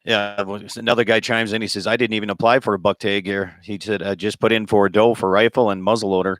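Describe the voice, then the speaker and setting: A man's voice: lowish voice, flat delivery, quick pace, a bit bright, dry recording. A man hosting an outdoors radio show, chatting in a folksy, rambling way and laughing easily, broadcasting from a small closet. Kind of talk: casual talk radio chat.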